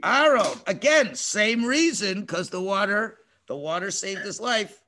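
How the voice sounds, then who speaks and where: A man teaching children through a story over a video call, animated and playful, with sound effects. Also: high voice, measured pace.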